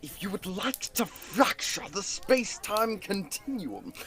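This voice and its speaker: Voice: mid-range voice, lively intonation, a bit bright. A teenage student actor voicing a pompous, easily flustered talking magic book in a school radio play. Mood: haughty. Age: teens. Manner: haughty, formal, slow, turns to panic.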